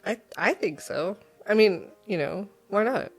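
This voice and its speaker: A woman's voice: medium pitch, expressive, a little slow, gravelly. A woman from South Dakota raised in the American South, co-hosting a podcast in a chatty, playful way and laughing often. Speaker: podcast co-host. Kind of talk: casual chat.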